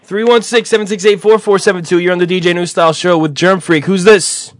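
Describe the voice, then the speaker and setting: A man's voice: high-pitched, fairly even intonation, fast, a little hiss or hum. A man hosting an internet call-in radio show, joking crudely and swearing freely. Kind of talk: casual call-in chat.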